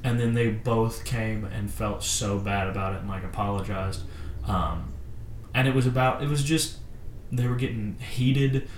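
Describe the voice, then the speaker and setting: A man, a groom-to-be, telling family stories earnestly in a relaxed podcast chat. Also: lowish voice, a little slow, slight background noise. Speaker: guest, groom-to-be. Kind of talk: casual storytelling on a podcast. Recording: roomy echo.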